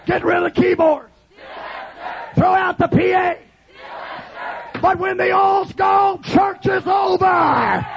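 High, gravelly, shouting revival preacher. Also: male voice, slow, pauses often, lo-fi sound, crowd noise, background noise. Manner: shouting, fiery preaching with rousing call-and-response. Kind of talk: Pentecostal revival sermon.

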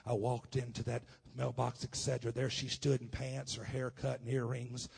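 Gravelly, husky preacher man. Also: mid-range voice, little pitch movement, moderate pace. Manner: impassioned, swings from hushed to loud. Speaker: pastor. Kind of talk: preaching a personal testimony. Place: conference hall.

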